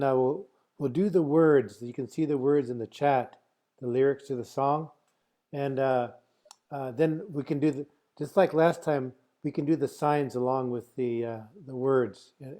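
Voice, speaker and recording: A man teaching a song over a video call, speaking in a halting way with many filler pauses. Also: medium pitch, dark tone. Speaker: flute player teaching a song.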